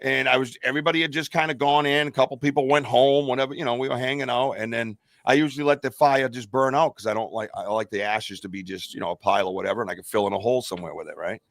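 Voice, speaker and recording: A man's voice: mid-range voice, fairly even intonation, fast, hardly any pauses, no echo, studio quality. A man co-hosting a podcast, telling a long personal story in a rambling way, full of fillers and restarts. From United States. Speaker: podcast co-host. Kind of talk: casual storytelling.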